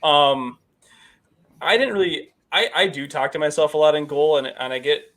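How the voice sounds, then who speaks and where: A man's voice: on the high side, normal speed, fairly bright tone. A man who coaches goalies, co-hosting a podcast and chatting casually, laughing often as he talks. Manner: laughs often while talking. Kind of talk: casual chat.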